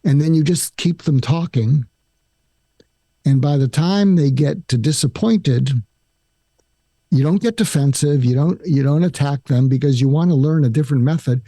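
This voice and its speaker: An older man, a psychiatrist guest on a podcast interview, calmly explaining a conversation technique step by step and acting out example lines. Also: fairly high pitch, moderate pace, dry recording, clean studio sound.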